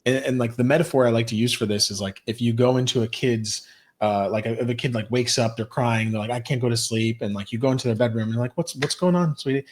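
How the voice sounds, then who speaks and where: A man who co-founded a youth program, explaining ideas as a guest in an animated way with lots of "like" asides. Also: mid-range voice, quick pace. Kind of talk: podcast interview.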